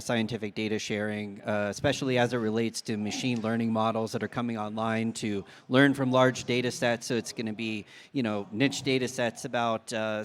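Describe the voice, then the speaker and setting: A man on a conference panel with a fairly low voice. He talks casually, with plenty of pauses and fillers between ideas. The delivery is relaxed and conversational. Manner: casual, lots of uh and you know. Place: conference hall.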